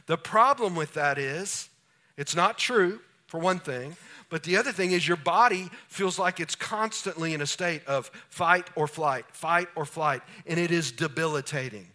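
Bright-voiced animated preacher man. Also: fairly high pitch. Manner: animated, acts out little scenes. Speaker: pastor. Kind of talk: sermon.

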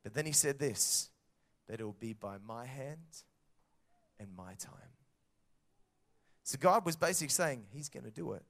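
A man giving an animated faith testimony, acting out the voices he quotes as he tells his story. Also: medium pitch, measured pace, pauses often. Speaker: children's music minister. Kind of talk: testimony talk.

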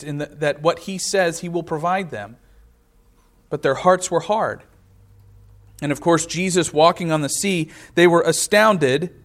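A man preaching a sermon, reading scripture aloud and explaining it with rhetorical questions. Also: fairly high pitch.

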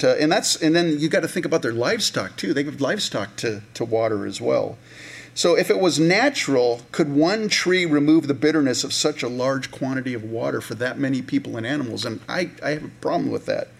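A man preaching a sermon in a relaxed, conversational way, with many fillers and restarts, sometimes acting out voices of people in the story. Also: mid-range voice, vocal fry, husky. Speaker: pastor.

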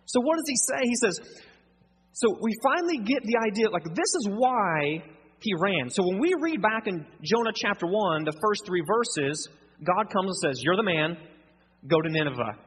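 Husky animated male preacher, hall reverb. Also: high voice, moderate pace. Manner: animated, acts out dialogue, conversational asides. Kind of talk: sermon.

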